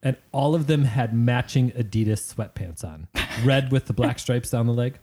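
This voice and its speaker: A man with a somewhat husky, breathy voice at an ordinary middle pitch. He talks casually on a podcast about running an aquarium shop, telling stories and acting out his customers in quick quoted lines. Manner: animated storyteller, acts out customers in quotes. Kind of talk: casual podcast chat, storytelling.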